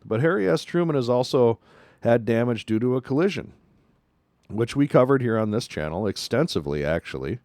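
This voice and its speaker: A man's voice: medium pitch, animated, a little fast, darkish tone, no echo, studio quality. A man hosting a news commentary show. He talks emphatically and repeats his points for stress. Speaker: show host.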